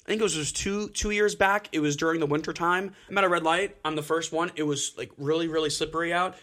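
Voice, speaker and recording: A young man with a bright, forward voice, a little higher than most. He talks casually on a podcast, fills his sentences with "like" and restarts, and sounds earnest. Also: steady tone, fast talker. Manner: rambling, filler-heavy, earnest. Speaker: podcast co-host. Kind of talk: casual chat.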